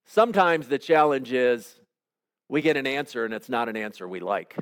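A man preaching a sermon as pastor, in measured, emphatic phrases. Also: medium pitch, lively intonation, smooth.

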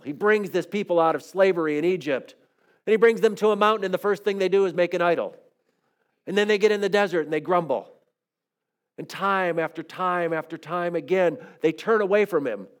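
Man preaching a sermon, slightly high voice. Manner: storytelling, shifts between soft quiet phrases and raised emphatic ones. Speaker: pastor.

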